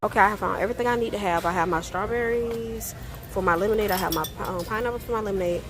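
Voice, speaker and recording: A woman's voice: medium pitch, rapid-fire, background noise. A woman chatting casually through a home cooking vlog, folksy and talking straight to viewers. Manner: chatty, folksy, calls viewers baby and y'all.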